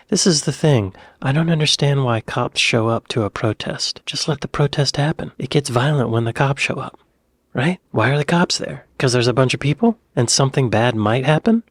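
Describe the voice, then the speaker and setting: American male reaction host, laid-back and playful, mid-pitched, dead-dry room. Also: dry recording. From United States. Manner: chatty, playful, says y'all. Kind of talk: casual reaction commentary.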